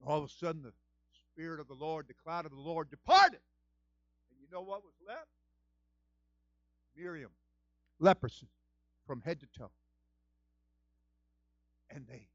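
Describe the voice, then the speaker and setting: A male senior pastor delivers an animated sermon in a high voice that swings widely. He takes his time and rises to shouting exhortation. The recording sounds dull, lo-fi and dry. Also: normal speed, pauses often, no room sound. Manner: animated preaching, builds to shouts.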